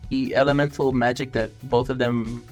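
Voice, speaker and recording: Thoughtful, slow-explaining man co-host. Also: mid-range voice, level tone, a little mellow, soft background music. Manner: thoughtful, explaining slowly with restarts. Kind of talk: casual podcast chat.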